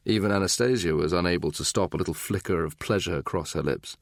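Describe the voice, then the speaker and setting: A man narrating a thriller audiobook in an even, measured way. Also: low voice, gravelly, no room sound, studio quality. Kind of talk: scripted narration.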